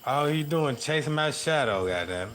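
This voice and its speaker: A man with a high-set voice streams from outdoors at night on his phone. He tells a winding comic tale in loose, slangy talk and keeps asking his listeners whether they follow. Faint crickets and a soft hiss of night noise sit behind him. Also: lively intonation, normal speed. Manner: rambling, slangy, keeps asking "you know what I'm talking about". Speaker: livestreamer. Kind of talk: casual comic storytelling to viewers. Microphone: phone camera.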